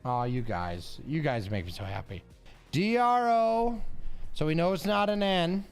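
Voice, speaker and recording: A man chats on his live stream, greeting viewers and sounding out one word guess after another. His voice sits a bit high and swings around a lot, but he takes his time. Soft music plays in the background. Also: lively intonation, a little slow, smooth. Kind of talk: casual live-stream chat while solving a word puzzle. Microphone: headphones with mic. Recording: faint music behind.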